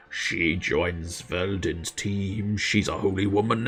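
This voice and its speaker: A man's voice: deep voice, fairly even intonation, takes it slowly, few pauses, a bit bright, breathy edge, faint music behind. A young man streaming a video game, chatting casually and breaking into silly made-up rhymes and jingles. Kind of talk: casual gameplay commentary.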